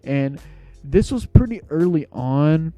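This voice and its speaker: A man's voice: a little high, animated, takes it slowly, dark tone, highs cut off, soft background music. Laid-back young man telling a story. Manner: slangy, laid-back rambling. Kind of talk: casual storytime.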